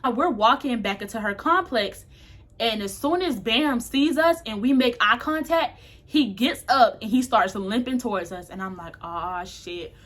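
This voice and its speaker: In a casual chat, a young woman vlogger tells a loose, frank story, cursing freely and sounding a little tipsy. Her voice is on the high side and a bit bright, with lively intonation at a normal pace.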